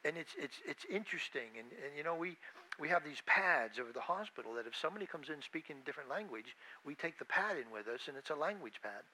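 A man's voice: on the high side, lively intonation, quick pace, sharp tone, a little hiss or hum, low-quality recording. A man preaching an informal sermon who talks in a conversational way, with restarts and asides to the listeners, and who works as a hospital chaplain.

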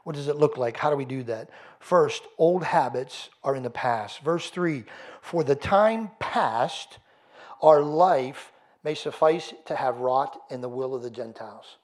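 A man's voice: medium pitch, measured pace. A man preaching a sermon as pastor, firing rhetorical questions and building in intensity. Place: church.

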